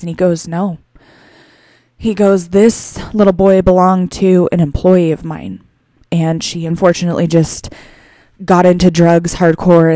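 A woman podcast host telling a moving personal story, tearful and halting, with frequent restarts. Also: on the low side, dark tone, no echo, clean studio sound.

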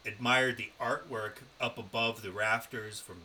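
A man's voice: on the low side, fairly even intonation, unhurried, pushed and bright, slight background noise, low-quality recording. A man co-hosting a podcast, telling a road-trip story in a loose, profane, casual way. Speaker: podcast co-host. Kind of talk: casual chat.

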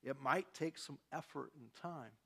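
Pastor guy preaching, bit higher voice, gets loud and punchy then drops quiet and confiding. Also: unhurried, gravelly, breathy edge. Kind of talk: sermon.

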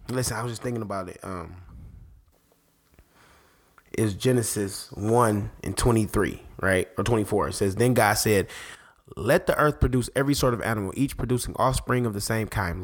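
A man, a parent, hosting a faith podcast in an excitable, rambling monologue that keeps interrupting itself. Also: on the low side. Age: adult parent. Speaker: podcast host.

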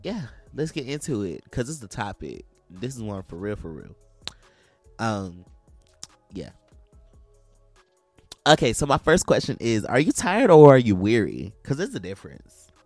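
A man's voice: medium pitch, huge pitch swings, normal speed, long pauses, soft background music. A man hosting a casual faith podcast, talking loosely with lots of fillers and restarts. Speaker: podcast host.

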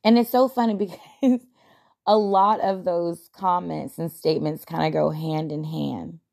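A woman's voice: lowish voice, steady tone, unhurried, gravelly, a little mellow. A young adult woman hosting a podcast, talking casually and reflectively, chatty and self-deprecating with frequent laughs. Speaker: podcast host.

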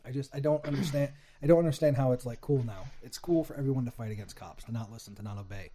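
A man's voice: medium pitch, quick pace, mellow. A young man ranting heatedly with lots of swearing in a casual chat.

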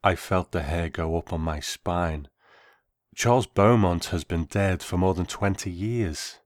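Deep male narrator for a reflective first-person tale; unhurried, dry booth sound. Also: no room sound. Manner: measured, reflective. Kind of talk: first-person story reading.

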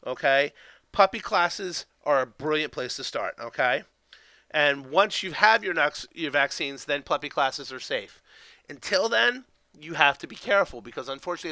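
A man teaches obedience basics in a casual, rambling way, stopping after each point to ask "okay?". His voice is bright and crisp and pitched a little high. The recording is dry, with no room sound. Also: dry recording. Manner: keeps tagging sentences with "okay?"; loose, conversational, with fillers and restarts. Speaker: dog training instructor. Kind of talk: instructional talk.

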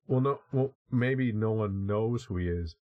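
A man's voice: lowish voice, a little slow, phone-quality sound. A man co-hosting a podcast, chatting in a wry, amused, self-deprecating way. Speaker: podcast co-host. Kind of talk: casual chat.

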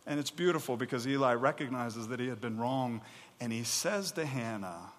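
A man's voice: medium pitch, moderate pace, fairly bright tone. Man preaching in a reverberant hall. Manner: conversational, emphatic preaching with casual asides. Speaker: pastor. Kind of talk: sermon.

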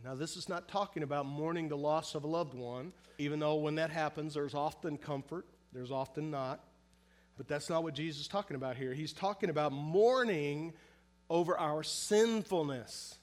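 A man delivering a sermon with a voice pitched a little above the usual male range. He preaches in earnest, leaning hard on some words and stretching others out in a soft, slow tone. He often turns to his listeners with direct questions. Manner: earnest preaching, shifts between loud emphasis and soft, slow, drawn-out phrases. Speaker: pastor.

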